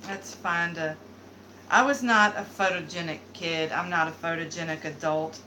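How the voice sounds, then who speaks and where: A woman's voice: fairly low pitch, steady tone, moderate pace, sharp tone, slight background noise, low-quality recording. A young woman with a Southern American accent, chatting casually with viewers on her live stream, rambling with plenty of fillers. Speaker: beauty YouTuber hosting a live stream.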